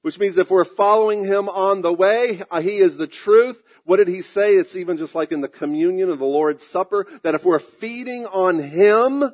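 A pastor with a slightly raised pitch preaches, drawing out his emphatic phrases before slipping into soft, quick asides. He clears his throat from time to time.

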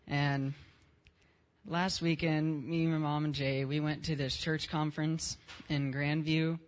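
A man's voice: fairly high pitch, little pitch movement, slow. A young man in his teens giving a casual spoken testimony at a church service, telling his story in plain, unpolished words with some slang.

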